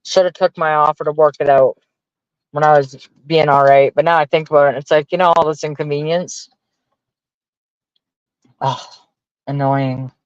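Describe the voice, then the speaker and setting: A man's voice: a little high, steady tone, moderate pace, long pauses, clear, resonant tone, no room sound. Exasperated, swearing man with a dull lo-fi sound. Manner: profane, exasperated ranting. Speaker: livestreamer talking to chat. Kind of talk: casual venting to viewers.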